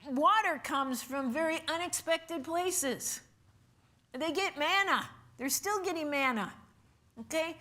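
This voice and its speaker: A woman's voice: high voice, bright, forceful tone. A woman teaching an informal Bible class, chatty with many fillers and rhetorical questions. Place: church classroom.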